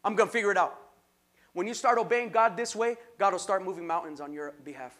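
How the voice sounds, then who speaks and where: A pastor preaching a sermon, his voice very high for a man. The tone is bright and forceful, and he drives his points through rhythmic repetition. At its peaks his delivery rises into full shouts. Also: fast. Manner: rhythmic repetition, call-and-response.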